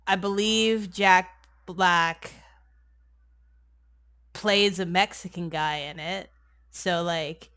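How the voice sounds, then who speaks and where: Here a comedy podcast co-host walks through a movie's plot in a fairly low, sharp-toned voice. She's casual and rambling, sarcastic and foul-mouthed, dropping "like" into nearly every phrase.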